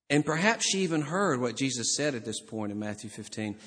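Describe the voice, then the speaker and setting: A man from Alabama with a Southern US accent preaching a sermon, telling the story with animated voices. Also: on the high side, fast, hardly any pauses. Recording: reverberant hall.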